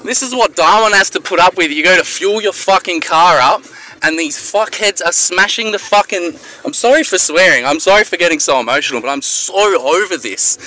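A man's voice: sits high, fairly quick, bright, forceful tone. A young Australian man filming on his phone outdoors, ranting in exasperation with heavy swearing. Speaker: bystander filming. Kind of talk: angry phone-video rant. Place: outdoors at a service station. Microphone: phone camera.

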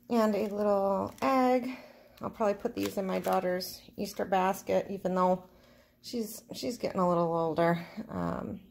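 A middle-aged woman with a gravelly mid-range voice vlogs casually, gushing excitably and giggling often. She starts out in a car at night and later sits at a table indoors.

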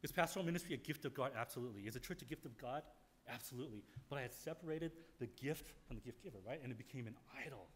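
A male pastor preaching a candid, story-driven sermon that swings from quiet asides to loud outbursts. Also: mid-range voice, very fast, a little hiss or hum.

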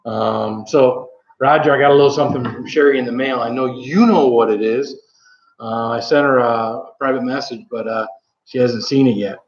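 A man's voice: medium pitch, normal speed. Rambling man on a live stream. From Michigan, USA. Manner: rambling, many ums and self-corrections. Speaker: channel host. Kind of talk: casual live-stream chat. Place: home. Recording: roomy, slightly dull home audio.

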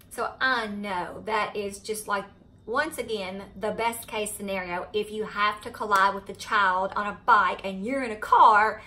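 A middle-aged woman with a Southern US accent telling a story to her viewers in a chatty, animated way. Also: mid-range voice. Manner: chatty, animated retelling of a scary event. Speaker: vlogger. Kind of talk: casual storytelling to camera. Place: home, indoors.

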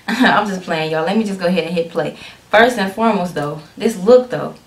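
A reaction vlogger with a fairly low voice chats excitedly and casually to her viewers about a music video, speaking at a moderate pace. She talks straight to the audience and frequently restarts her sentences, all in an echoey room.

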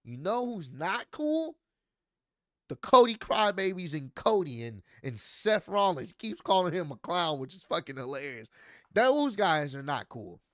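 A man giving a casual, excited spoken recap and commentary, often acting out what others said. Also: high voice, measured pace, no room sound, clean studio sound. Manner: excited, animated, acts out quotes. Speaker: wrestling commentary vlogger.

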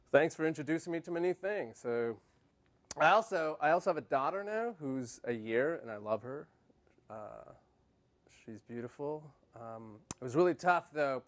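A man in his thirties doing a stand-up comedy set on a TV studio stage, deadpan and self-mocking. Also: medium pitch. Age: 30s. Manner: deadpan, self-mocking punchlines with put-on quoted voices.

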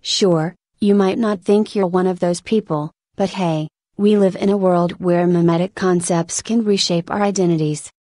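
A woman's voice: fairly low pitch, fairly even intonation, normal speed, hardly any pauses, dark tone, no echo, clean studio sound, close to an everyday voice. A woman voicing a blunt, talkative female senior reviewer in a spoken story reading. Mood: exasperated.

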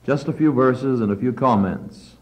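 A middle-aged man preaching a sermon at a chapel service, fervent and building to loud emphatic peaks. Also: medium pitch, moderate pace, low-quality recording.

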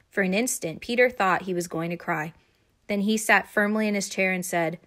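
A young adult woman reads a children's story aloud with expressive, animated narration. Her voice sits at a middle pitch. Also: moderate pace.

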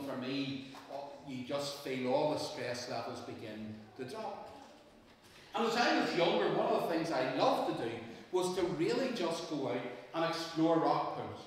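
Lively man in echoey church. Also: on the high side, recorded from a distance. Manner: lively, asks the congregation questions. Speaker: minister telling a children's story. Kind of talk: family service storytelling.

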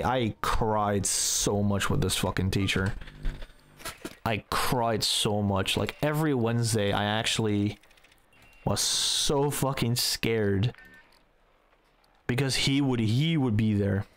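A young man casually telling a story while gaming, rambling and swearing a lot. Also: mid-range voice. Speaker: gaming streamer. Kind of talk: casual gameplay commentary.

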